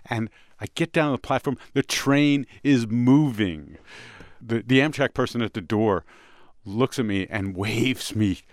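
A man hosting a radio show, telling an animated anecdote in casual chat with quick restarts. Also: medium pitch, no room sound, studio quality.

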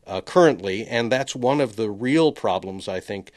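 A man's voice: lowish voice, animated, moderate pace. A man, a journalist, giving analysis in a thoughtful way with frequent hesitations.

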